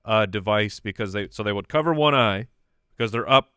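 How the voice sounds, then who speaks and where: A man's voice: fairly low pitch, brisk, fairly bright tone, clean tone, dry recording, clean studio sound. An American man co-hosting a comedy podcast, telling goofy stories in playful banter. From United States. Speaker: podcast co-host. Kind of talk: casual comedy chat.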